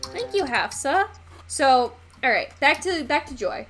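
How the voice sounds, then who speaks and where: A young woman with a somewhat high voice, chatting casually on a live stream while she paints. She rambles along, full of "um" and "like" and the odd curse, over faint music in the background. Her delivery stays loose and conversational. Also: very animated, measured pace, a bit bright. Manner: rambling and chatty, with frequent fillers and swearing.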